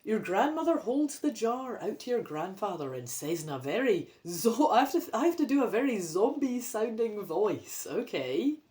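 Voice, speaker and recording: Scottish woman, casual read-aloud, chatty, sweary asides, animated pitch. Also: moderate pace, hardly any pauses. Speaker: reader of a children's adventure book.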